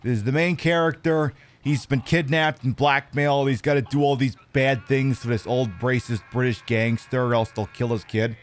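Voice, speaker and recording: A man's voice: mid-range voice, steady tone, normal speed, hardly any pauses. An American man chatting casually while streaming a game, rambling and stammering through restarts. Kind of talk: casual chat while gaming.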